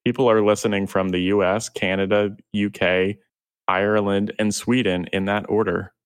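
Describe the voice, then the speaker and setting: A man's voice: lowish voice, flat delivery, normal speed, clear, resonant tone. Easygoing male podcast host. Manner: easygoing, laughs between remarks. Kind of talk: casual gaming podcast chat.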